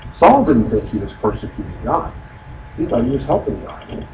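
A man's voice: mid-range voice, huge pitch swings, moderate pace, dark tone. Folksy man teaching Bible study, distant echo. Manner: explanatory, folksy, frequent "you know" asides. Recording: echoey room from far off with noise.

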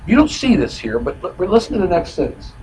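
A man's voice: sits high, very animated, brisk, darkish tone, slight background noise, low-quality recording. Conversational man teaching a Bible study. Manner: conversational, often stops to explain; self-correcting with frequent fillers.

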